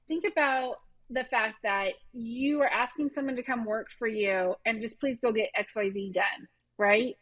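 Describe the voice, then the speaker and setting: A slightly higher-voiced woman talks as a guest on a podcast. She tells stories quickly and brightly, acting out what her clients say. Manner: upbeat, quick storytelling, acts out her clients' reactions. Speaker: HR consultant guest. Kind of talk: casual conversational interview.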